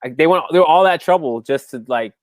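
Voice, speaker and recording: A man's voice: on the high side, fairly quick, no echo. Man hosting, dry close sound. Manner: short agreeing reactions. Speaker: host. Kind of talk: casual interview chat.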